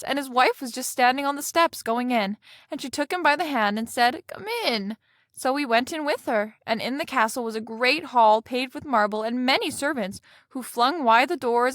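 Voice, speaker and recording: A woman narrating a fairy tale in a gentle storybook manner. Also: on the high side, no room sound, clean studio sound. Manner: gentle storybook narration with light character voices.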